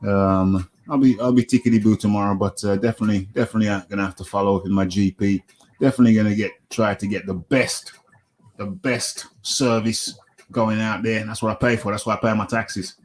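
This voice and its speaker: A man's voice: lowish voice, fairly even intonation, a little fast. A man hosting a casual boxing podcast, ranting animatedly and repeating his phrases. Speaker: host.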